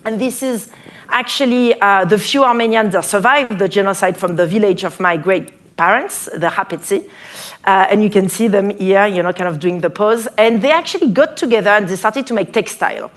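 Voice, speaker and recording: A woman's voice: mid-range voice, brisk. A woman with a French accent giving a playful, chatty talk to a live audience, full of fillers and restarts. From France. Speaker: speaker at an event. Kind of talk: conference talk. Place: event hall before a live audience.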